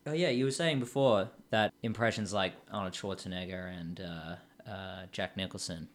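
A man's voice: deep voice, moderate pace, a little hiss or hum. A man hosting a podcast, chatting casually with a guest in a loose conversational way. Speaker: podcast host.

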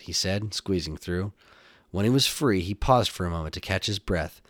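A man reads an adventure story aloud in an expressive, storybook manner. His voice sits a little low, yet it swings widely as he tells it. The recording is dry and close, with no room sound. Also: moderate pace, dry recording. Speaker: narrator.

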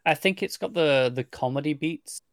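A man's voice: fairly high pitch, normal speed, dry recording, studio quality. A man casually discussing a film with a friend, agreeable and wry, stammering a little when he restarts. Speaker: podcast co-host.

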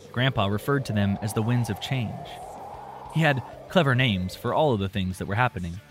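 A man narrating an audiobook in a relaxed, reflective storytelling manner. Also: medium pitch.

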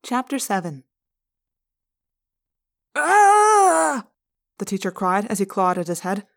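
A woman narrating a novel aloud in a steady, measured way, at an average pitch for a woman. Her reading is even and careful, moving the story along without fuss. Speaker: audiobook reader. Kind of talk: first-person audiobook narration.

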